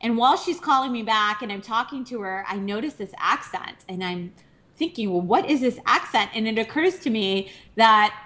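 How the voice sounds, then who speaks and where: A woman's voice: on the high side, moderate pace, pushed and bright. Candid woman telling her startup story. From Minnesota. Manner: conversational, candid, self-deprecating humor with many fillers. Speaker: entrepreneur speaker. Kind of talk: personal story talk. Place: live virtual speaker broadcast.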